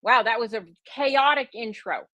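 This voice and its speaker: A woman's voice: a little high, moderate pace, bright, forceful tone, no room sound. A middle-aged woman, a health and wellness coach, chatting casually on a livestream with a slight Southern American twist, rambling and self-deprecating with many fillers. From United States.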